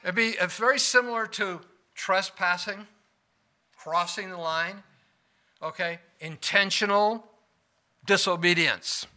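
Male preacher, bright and a bit high, dynamic sermon delivery with questions to the congregation. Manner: swings between loud emphasis and quiet asides, asks the room questions.

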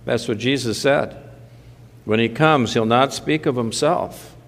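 A man's voice: mid-range voice, unhurried, big-room sound. A man preaching a conversational sermon, with mildly sardonic asides. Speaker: pastor.

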